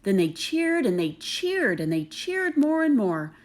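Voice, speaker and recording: A woman reading a rhyming children's picture book aloud, expressive and rhythmic. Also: high-pitched, a little slow. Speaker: reader.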